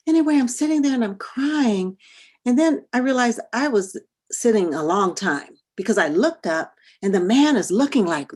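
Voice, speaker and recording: A middle-aged woman giving a talk, telling a personal story expressively, sometimes dropping to a hush and sometimes rising with feeling, on a video call. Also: on the high side, moderate pace, husky. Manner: expressive, swings from hushed to animated. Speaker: workshop speaker on parenting and bias.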